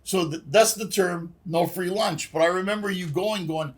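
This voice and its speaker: Husky high-voiced man, animated storyteller. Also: normal speed. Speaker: guest comedian. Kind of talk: casual podcast chat.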